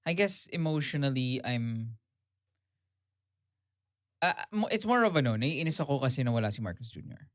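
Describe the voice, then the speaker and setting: Filipino man, lively, playful co-host. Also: medium pitch, moderate pace, pauses often, dry recording, clean studio sound. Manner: playful, expressive, switching between English and Tagalog. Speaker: podcast co-host. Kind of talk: casual chat. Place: podcast studio.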